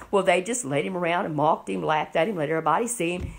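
Gravelly-voiced woman telling a Bible story. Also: on the low side, quick pace, few pauses. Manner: animated, keeps asking the listener questions.

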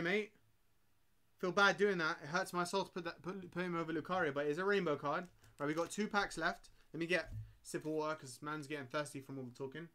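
A young man giving excitable, slangy commentary while opening card packs on a live stream, often breaking into loud shouts. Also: a little high.

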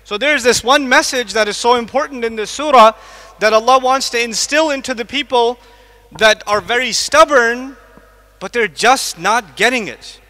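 High-voiced man lecturing in a hall. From United States. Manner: animated, asks the audience questions; recites Arabic verses quickly. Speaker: Islamic lecturer. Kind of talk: religious lecture to a live audience. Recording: long hall reverb.

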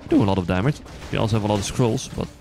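A man with a non-native accent chatting casually to viewers while playing, quick to excited outbursts and joking at himself. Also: fairly low pitch, over music. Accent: non-native English accent. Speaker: gaming channel host. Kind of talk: casual let's-play commentary.

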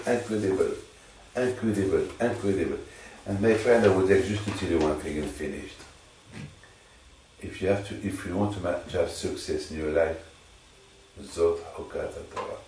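Religious teacher, male, low voice, halting and repetitive delivery, heard from a distance. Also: darkish tone, a little hiss or hum. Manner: halting, repeats phrases for emphasis. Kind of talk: informal Torah teaching to a listener. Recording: echoey room, distant mic.

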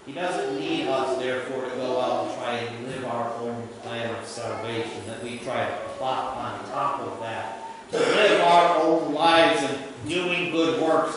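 A male pastor giving a sermon, preaching slowly and emphatically with dramatic pauses. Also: on the high side, background noise. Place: church sanctuary. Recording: distant mic in a reverberant church.

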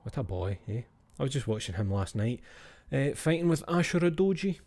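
A man's voice: medium pitch, very animated, brisk, darkish tone. A Scottish man chatting casually with his stream viewers, swearing and laughing, and often dropping to a whisper for asides.

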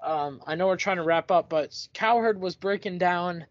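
Young male co-host, high voice, lively sports talk, dull dry lo-fi sound. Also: moderate pace, no echo. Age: young adult. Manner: animated, mimics people he quotes. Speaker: podcast co-host. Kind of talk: casual sports chat.

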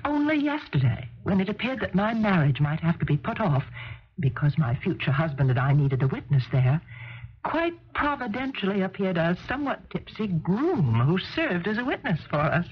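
A woman's voice: on the low side, big pitch swings, normal speed. An actress playing a gracious, clever young newlywed woman in a 1970s radio drama, speaking in a gracious, lilting way. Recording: muffled old radio broadcast with faint hiss.

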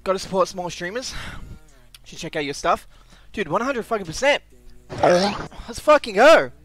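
Young Australian man, game streamer, excitable, swearing, lively swooping voice, bright tone. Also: high-pitched, moderate pace, soft background music. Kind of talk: live stream reaction.

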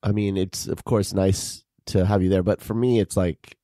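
A man talks through his thoughts in a relaxed podcast chat, circling back and restarting often. His voice is on the low side. The sound is dry and close, with no room echo. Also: normal speed. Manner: rambling, hesitant, full of restarts. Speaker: podcast co-host. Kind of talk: casual chat.

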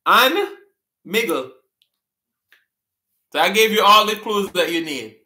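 A man's voice: sits high, a little fast, sharp tone, roomy sound. A man with a Jamaican accent hosting a casual live stream, chatting with viewers and laughing often as he reads out their comments.

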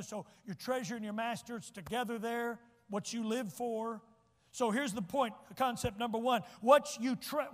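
A man, preaching a sermon as pastor, folksy, joking asides and repeating his points slowly. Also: high-pitched. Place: church sanctuary. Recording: long church reverb.

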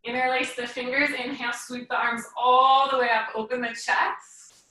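A bright, higher-pitched woman leads a yoga flow with calm, clipped breath cues, slightly winded as she practices along. Her voice rings around a very echoey room and sits some way back from the mic. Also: normal speed, far from the mic. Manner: calm step-by-step cueing in short phrases. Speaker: yoga teacher. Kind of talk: guided yoga class instruction.

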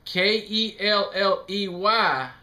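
Brief: man doing a rambling, confused hillbilly yokel, high bright voice, prank call. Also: slow, exaggerated voice. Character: slow-witted rural hillbilly man, rambling. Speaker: prank caller.

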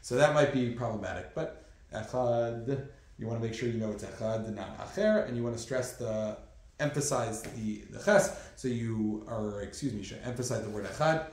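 A man's voice: lowish voice, expressive, brisk, a little mellow. A man giving a conversational class as a rabbi, with many fillers and asides. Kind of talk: classroom lecture. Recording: very echoey room.

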